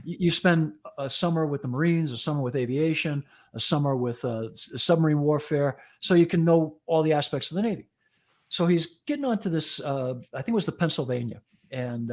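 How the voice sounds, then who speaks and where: Profane storytelling fire chief, man in his 60s. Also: fairly high pitch. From United States. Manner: profane, jokey anecdotes with acted quotes. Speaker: guest, fire chief and magazine editor. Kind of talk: casual storytelling chat.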